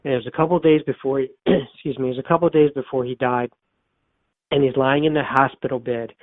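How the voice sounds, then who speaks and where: A man's voice: medium pitch, fairly even intonation, quick pace, dry recording. An older man, an author and therapist, telling a personal story in an interview, earnest and repeating phrases for emphasis. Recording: tinny phone-line sound, dry.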